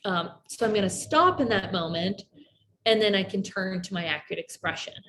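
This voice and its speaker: A woman's voice: medium pitch, brisk. A woman presenting a workshop lecture, talking loosely with many fillers and checking in with "right?". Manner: filler-heavy, tags points with "right?"; acts out example phrases in a softer voice. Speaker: workshop presenter on family skills.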